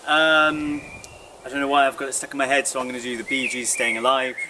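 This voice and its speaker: A young man leading a guided vocal warm-up, chatty and encouraging. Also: mid-range voice, flat delivery, a little fast. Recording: distant mic with audible noise.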